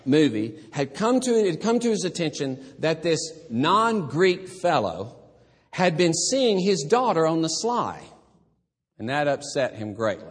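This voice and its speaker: Male pastor, measured unhurried sermon, rising to emphatic points; recorded in a reverberant sanctuary. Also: mid-range voice. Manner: conversational then building to emphatic preaching. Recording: long church reverb.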